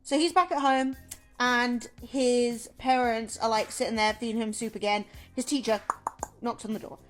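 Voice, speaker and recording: A woman streamer talks casually in a fairly high voice and rambles through a story. She is playful and chatty and fills her lines with "like". Faint music plays underneath. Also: steady tone, moderate pace.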